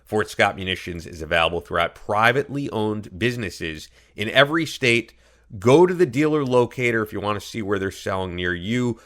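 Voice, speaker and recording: A podcast host reading sponsor ads with an upbeat, emphatic delivery. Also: male voice, lowish voice, fairly bright tone. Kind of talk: ad read.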